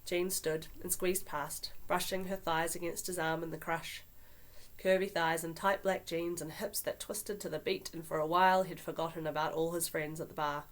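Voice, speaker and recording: A woman reads her own novel in steady audiobook narration. Her voice sits slightly low, and she tells the story evenly and with care. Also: normal speed.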